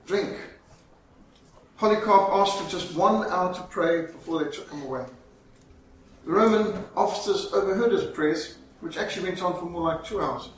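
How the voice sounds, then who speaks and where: A man preaching a sermon, telling a story dramatically and slowing down for emphasis. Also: high voice, slight background noise. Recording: very echoey, from far off, faint ambience.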